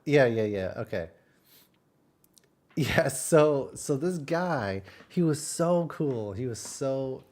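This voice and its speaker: A man's voice: medium pitch, lively intonation, slow pace, a little mellow. A man from Texas chatting casually on a stream. His mid-range voice wanders through the story with plenty of fillers and restarts. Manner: rambling storytelling with many fillers. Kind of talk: casual chat.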